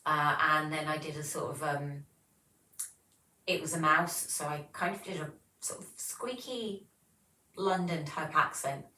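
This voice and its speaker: Low-voiced chatty woman. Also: measured pace, long pauses, pushed and bright, roomy sound, distant mic, low-quality recording. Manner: chatty, reads viewer comments aloud. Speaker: livestream host. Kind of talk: casual livestream chat.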